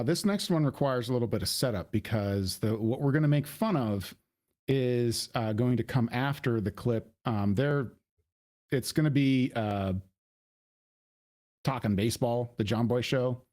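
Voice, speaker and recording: A man's voice: mid-range voice, a little slow, darkish tone. A man co-hosting a podcast, talking in a laid-back way as he sets up clips. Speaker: podcast co-host. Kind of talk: casual chat.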